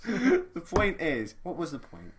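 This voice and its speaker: A man co-hosting a casual wrestling chat, quick and joking with plenty of swearing. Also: on the high side, wildly swooping pitch, background noise. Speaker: podcast co-host.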